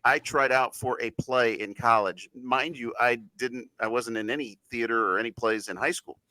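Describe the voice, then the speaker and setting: Bright-voiced man telling a story. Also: mid-range voice, dry recording, poor audio. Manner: joking storyteller, quick banter. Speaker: podcast co-host. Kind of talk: casual chat.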